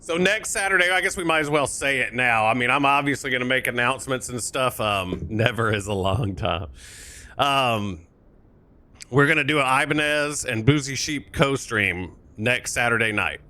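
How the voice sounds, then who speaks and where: A man's voice: medium pitch, lively intonation, normal speed, bright, forceful tone. A young man chatting casually on a live stream, joking, laughing and thanking viewers while setting up a flight.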